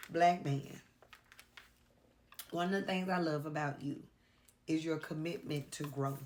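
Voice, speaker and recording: A woman vlogger speaking earnestly to her camera in a heartfelt, confessional way, pausing often. She sounds tired and worn out. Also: low voice, steady tone, a little mellow, a little hiss or hum. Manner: earnest, confessional, with pauses and fillers. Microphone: camera mic.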